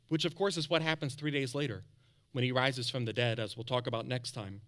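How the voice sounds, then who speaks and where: A man preaching a sermon as pastor, animated, calling out to the congregation for responses, then dropping soft for encouragement. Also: brisk. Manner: drops to a soft, low tone for quiet encouragement.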